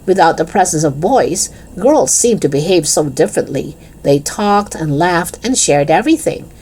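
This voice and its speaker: A woman reading a children's chapter book aloud in an expressive, lively storytelling manner. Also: deep voice, moderate pace, breathy edge.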